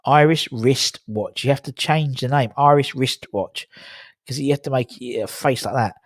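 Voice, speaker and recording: A man's voice: medium pitch, a little fast, no echo, clean studio sound. Chatty man on a livestream. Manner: chatty, laughing at tongue twisters, rambling with fillers. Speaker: livestream host reading chat. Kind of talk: casual live chat.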